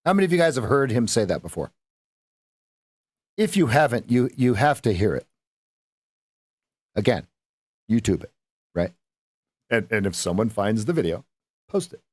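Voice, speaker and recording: A fairly low-pitched man runs a live trading lesson, thinking out loud as he goes. He stops to correct himself and tosses in silly sound effects. The recording is dry and close, with no room sound. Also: very animated, normal speed, pauses often, dry recording. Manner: rambling, self-correcting, with playful sound effects. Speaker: trading coach. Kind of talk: live-stream market commentary.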